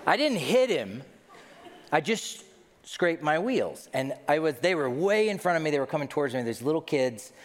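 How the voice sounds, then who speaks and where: A man's voice: a little high, very animated, moderate pace, slight background noise. A middle-aged man preaching a sermon as a pastor, telling stories with self-deprecating humor. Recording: long hall reverb.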